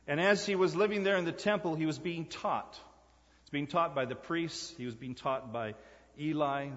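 A man preaching a sermon in a church, emphatic, repeating key phrases and swinging from loud to hushed. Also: medium pitch. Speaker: pastor. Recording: echoey church hall, dull lo-fi sound.

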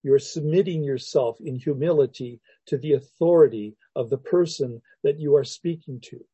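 Man, pastor, reflective sermon, husky, dry close sound. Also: medium pitch, dry recording, dull audio. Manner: unhurried and reflective, with frequent restarts and soft laughs. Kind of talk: sermon, teaching verse by verse.

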